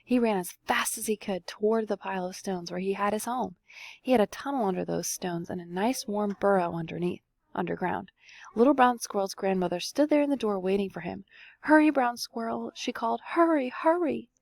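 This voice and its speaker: A woman's voice: mid-range voice, brisk, gravelly, a little mellow, no room sound. A young woman teacher reading a folk tale aloud expressively and stopping to ask the listeners questions. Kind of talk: read-aloud storytelling lesson.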